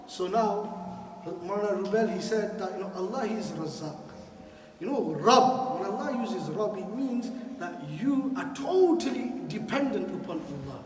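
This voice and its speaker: A man's voice: high voice, expressive, normal speed. A man giving a sermon as imam in a mosque, emphatic, repeating key phrases and putting questions to the audience. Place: mosque hall. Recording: echoey hall, from far off.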